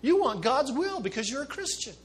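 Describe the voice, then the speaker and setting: High bright-voiced impassioned male pastor. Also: big pitch swings, fairly quick. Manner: impassioned, swinging from soft asides to loud emphasis. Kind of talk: sermon.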